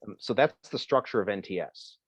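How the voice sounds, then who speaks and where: A man from Ohio answering questions as a presenter in a video call, talking in a halting way with many fillers and restarts. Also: fairly low pitch, slightly rough, dry recording. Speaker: presenter on emergency communications. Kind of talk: Zoom Q&A answer.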